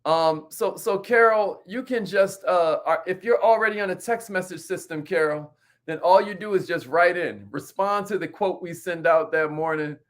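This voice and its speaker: A man hosting a live stream on sales and entrepreneurship, energetic, repeating phrases and calling on viewers by name. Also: sits high, normal speed.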